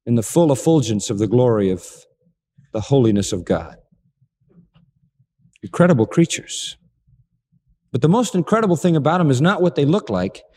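A man preaching a sermon, animated and dramatic, acting out the lines he quotes. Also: mid-range voice. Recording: long reverb of a large hall.

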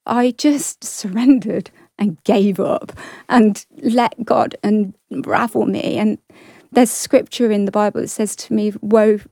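A woman giving an earnest, halting personal testimony, often restarting her sentences. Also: medium pitch, fairly even intonation, creaky, mellow, no echo, clean studio sound. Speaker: guest sharing testimony.

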